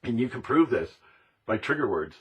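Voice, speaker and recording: A man with a husky, breathy voice delivers an impassioned monologue. He talks emphatically and repeats himself, sometimes slipping into mocking impressions of other people. His pitch sits in an ordinary middle range. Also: very animated, moderate pace. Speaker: speaker on conspiracy topics.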